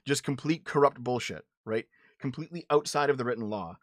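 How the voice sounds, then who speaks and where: In this clean studio recording with no room echo, a man with a medium-pitched voice speaks fairly quickly. He hosts a livestream and argues politics with his chat in blunt, profane terms. When he gets heated he repeats and restarts his words, in casual commentary aimed at chat.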